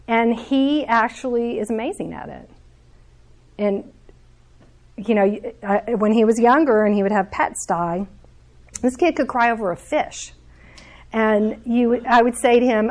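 Coach type, middle-aged woman, fairly high voice, chatty and lively, teaches a group. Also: unhurried, pauses often. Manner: animated, conversational, laughs often. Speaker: emotional coach.

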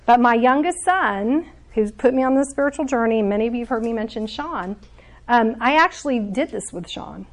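Coach type, middle-aged woman, fairly high voice, chatty and lively, teaches a group. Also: brisk. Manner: animated, conversational, laughs often. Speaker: emotional coach.

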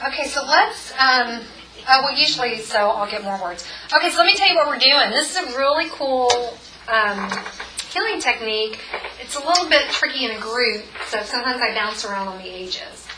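A woman's voice: on the high side, animated, moderate pace, pushed and bright. A woman in her forties leading a guided group tapping session, chatty and encouraging, with many fillers. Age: 40s. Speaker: workshop leader. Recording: echoey room, mic far off, faint noise.

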